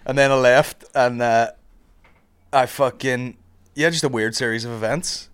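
A young man, a stand-up comedian chatting casually and telling sweary, animated stories full of acted-out quotes. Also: mid-range voice, a little slow, clean tone. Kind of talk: casual chat between comedians.

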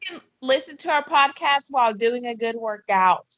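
A woman's voice: a little high, expressive, normal speed, a bit bright, muffled recording. Chatty teasing podcast woman. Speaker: podcast co-host. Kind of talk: casual podcast chat.

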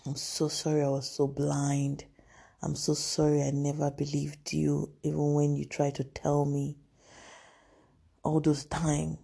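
A woman's voice: low-pitched, monotone, unhurried, vocal fry, mellow, breathy edge, exaggerated voice. A woman voicing her distraught mother, wailing and pleading. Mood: remorseful.

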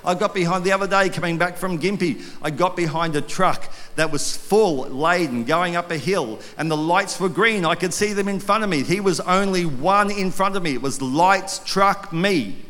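A middle-aged pastor preaching with a slightly high voice, telling a story and bursting into acted voices. His voice rings out with a long reverb from a large hall. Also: normal speed, few pauses. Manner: storytelling, animated, acts out quoted voices. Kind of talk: sermon.

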